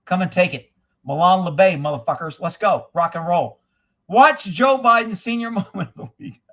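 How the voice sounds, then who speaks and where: Profane, mocking man with a high voice. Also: normal speed. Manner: profane, mocking, bursts into shouting; laughs in disbelief while reacting to clips. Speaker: livestream host. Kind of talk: angry political commentary.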